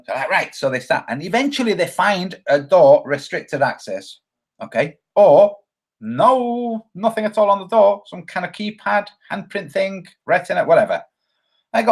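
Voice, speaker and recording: Animated and at normal speed, a male livestream host rambles and jokes in a casual stream. He reads out viewer comments and performs quoted voices with big leaps in pitch.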